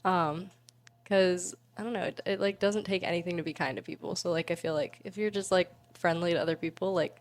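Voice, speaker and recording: A young woman in her twenties chats casually as an interview guest. She is bubbly and giggly and fills her talk with "like." Her voice sits a little low for a woman. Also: fairly even intonation, a little fast. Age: 20s.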